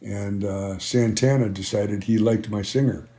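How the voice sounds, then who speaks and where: A man's voice: fairly low pitch, steady tone, a little slow, mellow. An older man telling stories as an interview guest, rambling and filling with "you know" as he acts out old conversations. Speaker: interview guest, band founder. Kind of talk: conversational storytelling.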